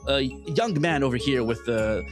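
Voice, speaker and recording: A man voicing a sweaty middle-aged gentleman who eagerly welcomes guests to a dinner table. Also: medium pitch, over music, close to an everyday voice. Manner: eager, hurried, over-polite.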